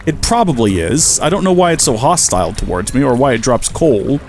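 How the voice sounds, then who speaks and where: A man's voice: mid-range voice, sing-song, a little fast, darkish tone. An American man with a chatty, jokey manner, commentating on a survival game and talking to the animals on screen, with faint game music behind. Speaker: let's player. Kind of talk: gameplay commentary.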